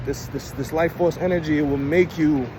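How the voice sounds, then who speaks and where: Young man, Brooklyn accent, slightly high, laid-back slangy storyteller; clear street noise outdoors. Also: steady tone, moderate pace. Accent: Brooklyn, New York. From Brooklyn, New York. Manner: loose, slangy, heavy with "you know what I'm saying". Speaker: vlogger. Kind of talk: casual storytelling. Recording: noisy outdoor street recording.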